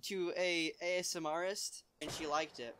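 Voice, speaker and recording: A young man hosting a casual gaming chat, giggly and pleading, often breaking into high squeals. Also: fairly even intonation, a little slow, fairly bright tone, clear, resonant tone. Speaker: channel host.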